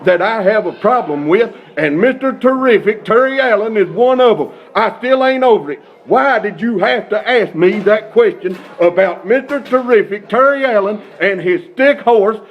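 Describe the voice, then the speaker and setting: Man cut for a brash wrestling promo: high voice, muffled, slightly noisy recording. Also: expressive, normal speed, few pauses. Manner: brash, hyped, ranting wrestling-promo delivery. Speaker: wrestler being interviewed.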